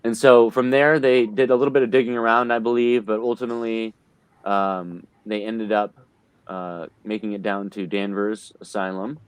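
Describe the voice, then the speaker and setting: A low-pitched man talks through a tabletop game recap as game master, often stopping on fillers and correcting himself. His voice is close to the mic and dry, with no room sound. He is on an online call from home. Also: little pitch movement, normal speed, clear, resonant tone, no room sound. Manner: hesitant, many fillers and self-corrections.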